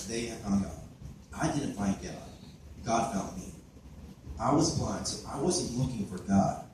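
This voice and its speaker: A teenage boy gives a personal church testimony in a fairly low voice, stopping and restarting with plenty of fillers. He sounds distant from the camera, and his words ring around a very echoey hall. A faint room hum sits under him. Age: late teens. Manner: hesitant, many fillers and restarts. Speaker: youth giving a church testimony. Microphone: far camera recorded by his father.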